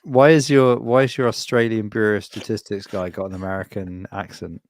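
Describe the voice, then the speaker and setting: Wry, low-voiced male podcast co-host. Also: flat delivery, a little fast. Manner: wry, mock-formal segues. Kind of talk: casual podcast chat.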